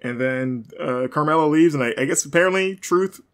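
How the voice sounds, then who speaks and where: A man's voice: a little high, a little fast. A young man hosting a podcast, recapping wrestling in a casual, rambling way with lots of fillers and dry joking asides. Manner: rambling, chatty, frequent fillers and self-corrections.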